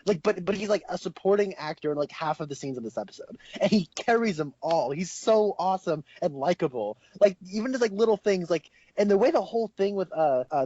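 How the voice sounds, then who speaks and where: A young man co-hosting a casual podcast chat, rambling and excitable, laughing often. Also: on the high side, no room sound, lo-fi sound. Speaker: podcast co-host.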